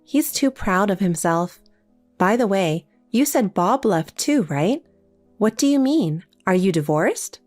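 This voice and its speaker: A synthetic woman's voice playing a calm, cold younger sister in a text story, with faint music behind. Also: mid-range voice, measured pace, dry recording. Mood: cool. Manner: cold, matter-of-fact.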